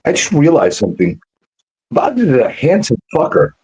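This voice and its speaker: A tired man rambling in a casual, profane livestream chat, sounding rough from no sleep and cigarettes. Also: fairly high pitch, wildly swooping pitch, normal speed, darkish tone. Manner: rambling, profane, full of restarts and fillers. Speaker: guest on a livestream. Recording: dull lo-fi stream audio.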